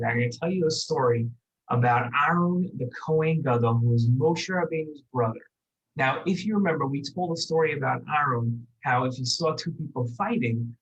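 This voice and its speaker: A children's Torah teacher telling a lesson story, gentle and repeating words for emphasis. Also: mid-range voice, rough recording.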